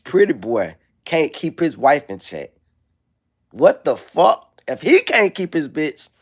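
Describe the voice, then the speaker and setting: Profane, animated man ranting on a livestream. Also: medium pitch. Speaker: livestream host. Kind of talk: casual rant.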